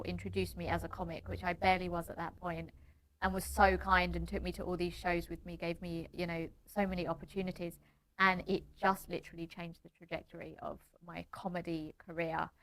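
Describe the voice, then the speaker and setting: A woman's voice: on the low side, fairly bright tone. Chatty middle-aged woman comedian. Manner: chatty storyteller, laughs often. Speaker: podcast co-host and comedian. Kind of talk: casual chat.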